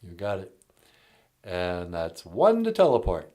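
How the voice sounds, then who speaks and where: Man doing a chirpy puppet rabbit host, high and bouncy, up and down a lot. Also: wildly swooping pitch, measured pace, warm tone, heavily acted. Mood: cheerful. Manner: chirpy, says bonjour and sweetie. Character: cheery male trickster rabbit puppet host.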